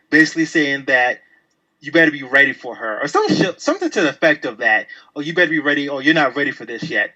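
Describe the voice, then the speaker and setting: A man co-hosts a casual wrestling podcast, sassy and profane as he rants. His voice is bright and fairly high. The recording sounds dull and lo-fi. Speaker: podcast co-host.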